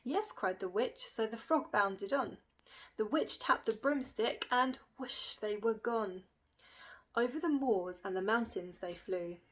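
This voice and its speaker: A woman's voice: medium pitch, unhurried, a bit bright, rough recording. A woman reading a rhyming children's picture book aloud with a lilting rhythm. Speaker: storybook reader.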